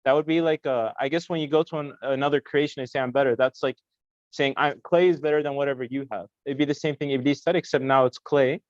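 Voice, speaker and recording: A man's voice: medium pitch, steady tone, quick pace, dry recording, lo-fi sound. A young man in a study discussion, thinking aloud in a searching way with many restarts. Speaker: student in a study session.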